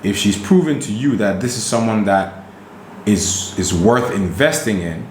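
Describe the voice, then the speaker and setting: A man's voice: on the low side, expressive, unhurried, roomy sound, a little hiss or hum. A man co-hosting a podcast in casual chat, giving emphatic, preachy dating advice. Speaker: podcast co-host.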